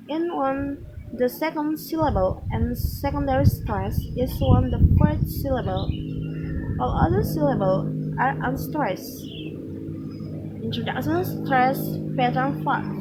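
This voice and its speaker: Slow-reading woman with background noise. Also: high-pitched. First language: Malay. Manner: slow, careful reading with restarts and slips. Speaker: student reading a pronunciation lesson. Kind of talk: reading a textbook aloud.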